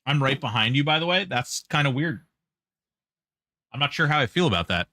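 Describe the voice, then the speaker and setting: A man's voice: mid-range voice, expressive, a little fast, sharp tone. A man streaming gameplay live, joking with chat and hyping up giveaways. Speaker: game streamer.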